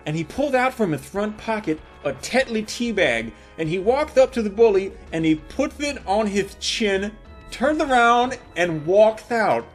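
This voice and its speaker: High-voiced, profane male comic storyteller. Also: unhurried, faint music behind. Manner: profane, animated, building jokes with sudden shifts in loudness. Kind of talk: comedic storytelling monologue.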